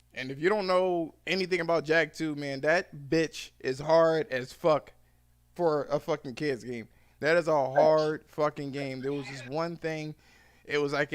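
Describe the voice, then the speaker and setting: A man's voice: fairly high pitch, clean tone. A man hosting a podcast in loose, profane casual banter, telling stories. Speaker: podcast host.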